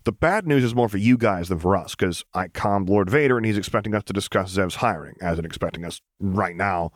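A man reading an audiobook voices a cheerful, mischievous young man with a bright, teasing delivery. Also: deep voice, a little fast, no room sound, clean studio sound, close to an everyday voice. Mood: upbeat.

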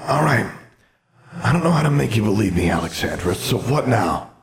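A man voicing the ghost of an aging wizard in a fantasy audiobook, speaking softly and kindly, trying to placate. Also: on the low side, big pitch swings, moderate pace. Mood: calm, pleading. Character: gentle regretful ghost of an aging male wizard.

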